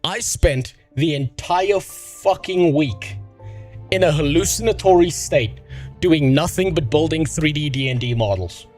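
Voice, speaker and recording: A man's voice: fairly high pitch, unhurried, soft background music. A sick, medicated man from Africa, rambling and swearing through casual livestream chat as the host. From South Africa. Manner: profane, excitable, rambling. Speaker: streamer.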